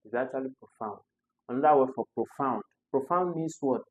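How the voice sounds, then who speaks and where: A man's voice: mid-range voice, a little fast, low-quality recording. A man, tutoring students through English exam questions step by step and repeating the key words.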